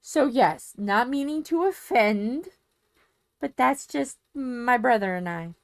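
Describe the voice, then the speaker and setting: A high-voiced woman talks slowly through a casual live stream from home, rambling off on tangents and swearing freely. The sound is close and dry, with no room echo. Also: animated.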